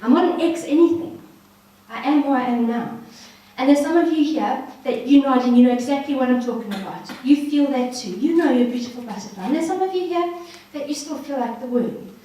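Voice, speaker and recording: A woman's voice: high-pitched, brisk, warm tone. A woman giving an earnest, encouraging personal testimony to a ladies' gathering, speaking straight to the audience. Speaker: guest speaker. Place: hall at a ladies' social evening. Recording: echoey room from far off.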